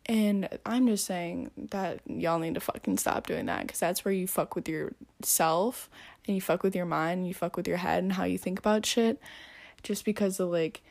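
A woman's voice: fairly low pitch, moderate pace, gravelly, a little mellow. A teenage girl giving blunt, profane dating advice in a casual rant. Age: teens. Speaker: vlogger.

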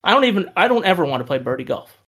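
Animated man telling stories, lots of laughter. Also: sits high, rapid-fire. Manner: animated storyteller, laughs often, swears casually. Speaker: podcast co-host. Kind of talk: casual chat.

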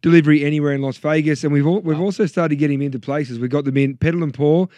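A man's voice: on the high side, fairly even intonation, fast talker, warm tone, no echo. An Australian man chatting loosely in a small studio, walking guests through what he brought. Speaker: guest food vendor. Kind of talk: casual product walk-through.

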